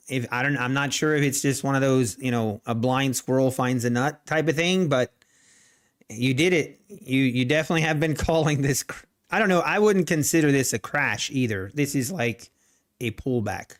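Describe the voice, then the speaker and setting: A man's voice: medium pitch, normal speed. Joking Pennsylvania Dutch accented man. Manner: joking, bantering with viewers. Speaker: day trading livestream host. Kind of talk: casual live-stream chat.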